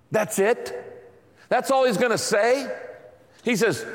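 A man preaching to his congregation, his somewhat high voice carrying a long reverb through a big church hall. He tells stories in an animated way and slips into acted-out quotes. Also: fairly quick. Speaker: pastor. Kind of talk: sermon.

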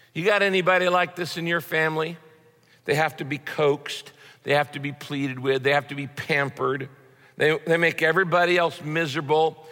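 Bright-voiced male preacher in a hall. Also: on the high side. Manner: conversational preaching with repetitions. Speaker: pastor. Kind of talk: sermon. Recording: long hall reverb.

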